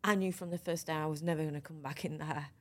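A middle-aged woman tells her own story as a podcast guest, frank and animated, with a voice that sits a touch low. She keeps restarting her sentences as she goes. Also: fast talker. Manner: lively, frank, runs sentences together with restarts. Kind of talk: conversational storytelling interview.

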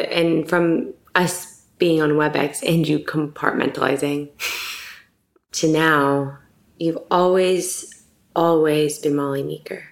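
A woman guest talking with candid, animated energy, laughing often and quickening into bursts. Her voice sits a little low with a gravelly fry. The room around her has a noticeable echo. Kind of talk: casual heartfelt conversation.

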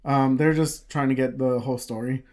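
A man's voice: mid-range voice, steady tone, moderate pace, a little mellow. A man telling a story in casual chat, rambling with lots of fillers and swearing freely.

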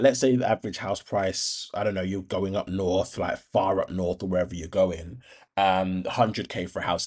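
A man's voice: low-pitched, darkish tone, breathy edge. A young man hosting a podcast, giving a blunt, impassioned monologue with frequent swearing, restarts and ums. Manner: rambling with many restarts and ums. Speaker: podcast host.

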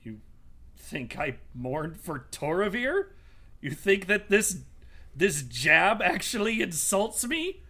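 A man voicing an arrogant ancient male monster that speaks slowly with low contempt. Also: big pitch swings, bright, forceful tone, exaggerated voice. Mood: scornful.

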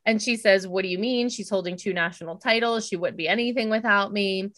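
A woman's voice: medium pitch, brisk, a bit bright. A middle-aged woman co-hosting a casual chat, recapping events bluntly and acting out quoted dialogue. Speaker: podcast co-host.

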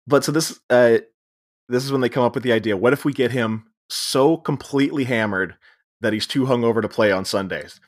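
Speaking fairly quickly in a mid-range voice, a podcast co-host chats through the plot of a film. He narrates like a storyteller, voices the characters' lines himself, and laughs often.

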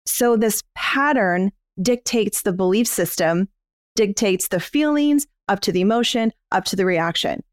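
A woman's voice: medium pitch, animated, measured pace, no echo. Candid woman podcast co-host, dry sound. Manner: candid, explanatory, swears freely. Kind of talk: casual podcast chat.

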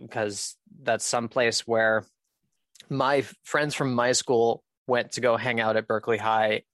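A man talking as a guest on a podcast, candid and casual, often laughing and using "um" as he goes. His voice sits at an ordinary middle pitch. The recording is dry, with no room sound. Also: fairly even intonation, measured pace, fairly bright tone, no echo. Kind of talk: casual personal storytelling.

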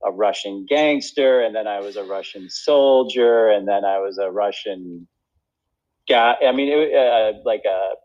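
A man's voice: on the low side, a little slow, a little mellow, dull audio. A man who is an actor, talking casually in a rambling, self-deprecating way with many fillers and restarts. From United States. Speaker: actor and guest. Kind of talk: casual conversation.

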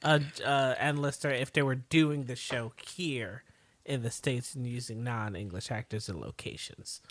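A woman's voice: very deep voice, unhurried. A woman co-hosting a casual podcast, playful and a little hesitant. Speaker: podcast co-host.

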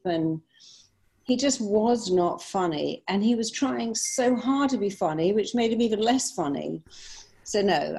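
Animated woman telling stories. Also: mid-range voice. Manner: animated, anecdotal, laughing easily. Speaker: guest, therapist and speaker. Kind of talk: conversational storytelling.

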